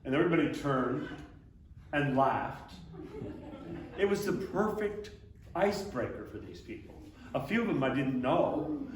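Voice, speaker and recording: An older man, an abbot, telling a lively story to a congregation, now and then throwing in a big booming laugh. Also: unhurried, pauses often. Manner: animated storyteller, booming put-on Santa laughs. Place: church hall. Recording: echoey hall, speaker far from mic, faint hiss.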